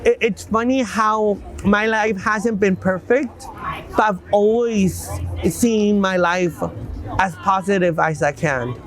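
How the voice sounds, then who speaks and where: A man's voice: sits high, slow, low-quality recording. A man being interviewed outdoors, telling his life story with earnest faith, often repeating words as he talks. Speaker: interview guest. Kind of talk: emotional personal storytelling. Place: outdoors in a city.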